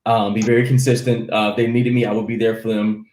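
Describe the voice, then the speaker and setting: Comedian guy riffing fast, acts out quotes, sounds kinda echoey. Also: on the low side. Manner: animated storytelling with acted quotes. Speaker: guest comedian. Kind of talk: casual chat.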